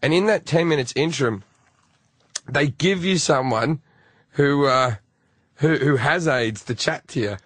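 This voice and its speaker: A man with a slightly high, breathy voice tells crude stories at a measured pace, pausing often and laughing as he goes. He's a comedian guest in casual podcast banter, animated throughout, and the recording is dry.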